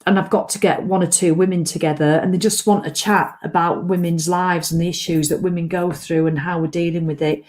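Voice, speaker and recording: A woman's voice: lowish voice, brisk, few pauses. Lady chatting live to her viewers, bubbly and reacting to comments. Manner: chatty, lively, reads out comments. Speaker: livestream host. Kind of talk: casual live chat to viewers.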